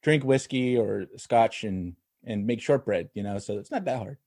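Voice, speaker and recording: A man's voice: lowish voice, moderate pace, a little mellow. A man in casual conversation, telling a story and acting out the quoted lines. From Scottish descent, lives in Louisiana. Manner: laughing storyteller, acts out quotes. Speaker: graduate student. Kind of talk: casual chat.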